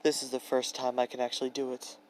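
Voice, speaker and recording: A man's voice: mid-range voice, monotone, quick pace, slight background noise, natural voice, poor audio. A man voicing a teasing ancient trickster god. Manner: teasing, pouty and breezy.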